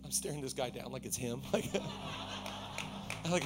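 A man in his thirties preaching a sermon to his church, swinging from shouted, energetic praise to quiet, intimate teaching. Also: mid-range voice, moderate pace, background noise. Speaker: pastor. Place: large church auditorium.

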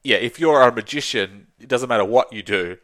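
A man's voice: medium pitch, a little fast, a bit bright. A man chatting casually about a tabletop game, rambling, swearing freely and laughing often. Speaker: tabletop game podcast co-host. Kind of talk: casual chat.

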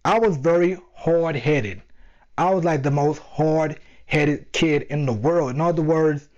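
A young man tells his story in a casual monologue, animated and full of slang as he talks straight to his listeners. His voice sits a little high. The recording sounds dull and lo-fi. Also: measured pace. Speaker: vlogger.

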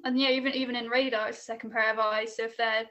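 A woman's voice: a little high, level tone, fast talker, a bit bright, lo-fi sound. A young woman, chatting casually about her work in air traffic control, with many fillers and restarts. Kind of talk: casual interview chat.

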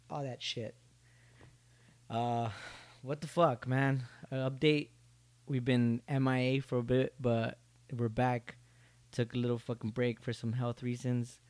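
A man's voice: mid-range voice, a little mellow, clean tone, dry recording. Profane rambling young man hosting solo. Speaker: podcast host. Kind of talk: solo casual podcast rambling.

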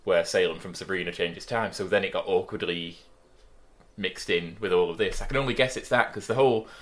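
A man's voice: low voice, brisk, a bit bright. A man co-hosting a podcast, giving opinionated critique of a sitcom in casual chat, often restarting his phrases. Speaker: podcast co-host.

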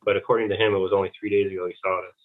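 A man's voice: low-pitched, flat delivery, rapid-fire. Rambling man on a tinny phone line. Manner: rambling, many "like" fillers, retells conversations. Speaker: guest. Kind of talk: rambling phone interview storytelling.

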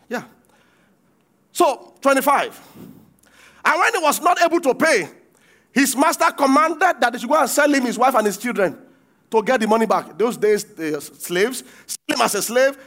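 High-voiced preacher quizzing his flock. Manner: quizzes the congregation, acts out quoted lines with shouts. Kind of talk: sermon with call-and-response.

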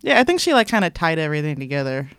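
A woman's voice: deep voice, big pitch swings, racing, a bit bright, clean tone, no room sound, studio quality. A young woman chatting casually as a podcast co-host, laughing easily and trailing off mid-sentence.

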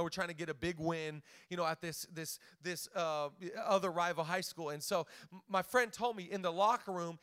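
A young man preaching an energetic, joking sermon to a church crowd, talking fast with lots of "like" and restarts. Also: high-pitched, clear, resonant tone. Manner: hyped, quick, lots of "like" and restarts. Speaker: guest preacher.

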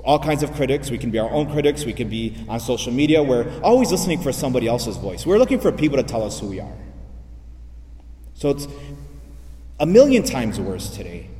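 A man's voice: medium pitch, sing-song, a little fast, warm tone, far from the mic, slight background noise. A man, a priest, preaching a sermon, repeating phrases and asking rhetorical questions. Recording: echoey hall, voice from afar.

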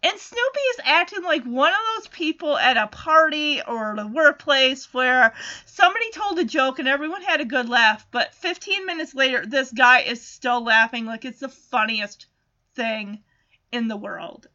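A chatty, animated woman recaps a cartoon in a casual talk. Her voice is high and bright, and her pitch swings a lot. The recording sounds a bit dull and lo-fi. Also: normal speed. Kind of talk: casual chat.

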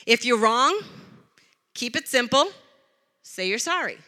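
A woman preaching a sermon to a church, telling stories in a conversational, animated way with touches of humor. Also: a little high, measured pace. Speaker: preacher, pastor's wife. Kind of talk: sermon with storytelling. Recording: long hall reverb.

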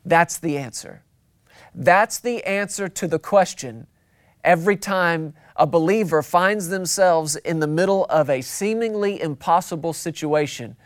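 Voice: mid-range voice, measured pace, no echo, studio quality. A pastor preaching a sermon, emphatic and repetitive, drawing out key words for weight.

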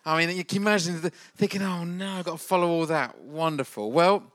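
A man's voice: fairly high pitch, a little fast, a bit bright, no room sound, clean studio sound. A man hosting a church gathering, encouraging the congregation and bantering playfully. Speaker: church event host.

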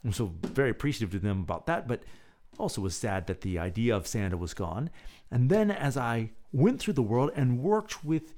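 A man hosting his own podcast, reading a reflective essay aloud and then guiding listeners through a gentle breathing exercise. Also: mid-range voice, big pitch swings, moderate pace. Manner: soft, gentle and reflective, hushed when counting breaths. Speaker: podcast host.

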